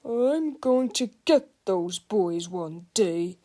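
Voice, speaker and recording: A woman's voice: mid-range voice, lively intonation, warm tone. A woman playing a sour, menacing old principal. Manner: slow, menacing vow. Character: mean, sour old male school principal.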